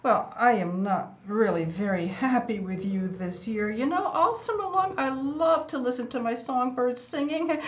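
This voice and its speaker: A woman's voice: fairly high pitch, sing-song, moderate pace. An older woman hosting a children's show, chatting playfully with a puppet and the kids and reading them a storybook. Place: indoor TV set.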